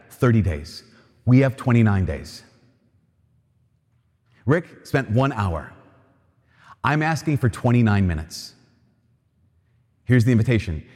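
A man's voice: mid-range voice, darkish tone, slightly rough. A man preaching a sermon, telling a story and then making an earnest appeal with emphatic repetition. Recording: long reverb of a large hall.

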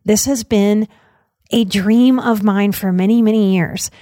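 A woman's voice: mid-range voice, steady tone, unhurried, dark tone, no room sound, clean studio sound. A woman hosting a podcast, speaking earnestly and with emotion as she makes an announcement to her listeners. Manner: earnest, emotional, choked up at times. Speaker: podcast host. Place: Denver.

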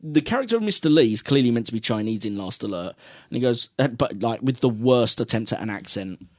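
A man chatting casually on a podcast, his pitch swinging up and down as he riffs. He swears freely and quotes lines in funny voices. The sound is dry and close. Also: lively intonation, fast talker, no echo. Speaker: podcast co-host reviewing a film. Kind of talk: casual chat.

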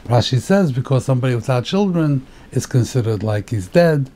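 A rabbi giving a Torah class on the weekly portion, explaining the text step by step, asking rhetorical questions and mixing in Hebrew terms. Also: male voice, mid-range voice, animated, fairly quick, dark tone.

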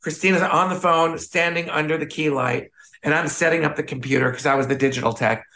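A man's voice: a little high, fairly quick. A man from the Midwest, a photographer and author, telling stories casually as an interview guest and acting out the people he quotes. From Midwest United States. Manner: animated anecdote teller, acts out quoted voices.

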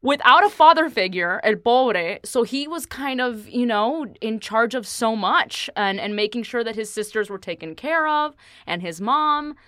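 A woman's voice: on the high side, expressive, a little slow, few pauses, fairly bright tone, clean tone, dry recording, clean studio sound. A woman in casual chat who is wry and self-deprecating, and who drops Spanish words into her English.

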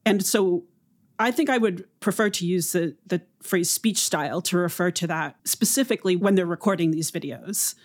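A woman who teaches linguistics, a podcast guest, explaining in a measured way. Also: on the low side. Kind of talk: podcast interview.

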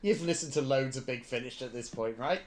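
A man's voice: medium pitch, a little fast. A man co-hosting a podcast in casual chat, hesitant and self-deprecating, laughing easily. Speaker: podcast co-host.

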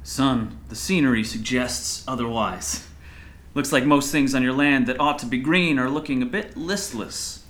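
A man's voice: mid-range voice, normal speed, a bit bright, natural voice. A middle-aged man playing a talkative, folksy small-town pastor in an audio drama, who keeps calling others son. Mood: concerned.

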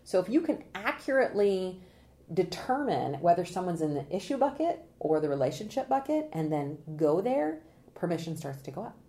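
A trial consultant and presentation coach guests on a podcast interview, speaking with energy and animation. Her fairly low voice moves at normal speed as she laughs and acts out what jurors say.

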